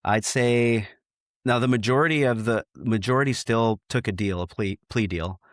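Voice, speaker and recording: A man's voice: medium pitch, moderate pace, dry recording, clean studio sound. A middle-aged man, a retired state trooper, telling stories from his cases in a frank way, often restarting his sentences. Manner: frank, many restarts, quotes dialogue. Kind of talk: storytelling in a podcast interview.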